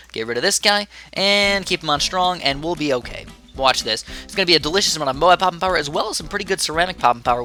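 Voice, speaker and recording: Upbeat fast-talking young gaming commentator. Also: male voice, medium pitch, bright, forceful tone. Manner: upbeat, chatty, rambling asides. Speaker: gaming YouTuber. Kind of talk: casual gameplay commentary.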